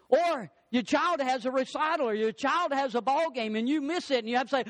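Middle-aged guy preaching, really high voice, dry close sound, jumps up and down in pitch. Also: fairly quick, few pauses, no room sound. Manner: preaching with sudden swings in pitch and pace. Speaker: pastor. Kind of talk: sermon.

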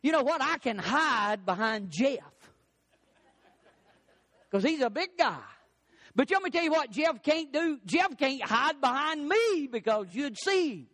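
A man preaching a sermon as pastor, emphatic, climbing on questions and sinking low on key phrases. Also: big pitch swings, a little slow, long pauses, a bit bright, dry recording. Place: church.

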